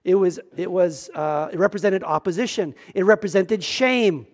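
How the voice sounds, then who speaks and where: A man's voice: high-pitched, moderate pace. A male pastor preaching a sermon in a church, earnest and emphatic, often repeating words as he starts a thought.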